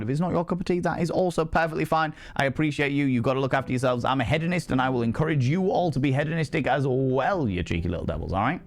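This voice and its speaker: A man chatting casually and playfully with his viewers while streaming a game, swearing freely. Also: medium pitch. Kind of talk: casual live-stream chat while gaming.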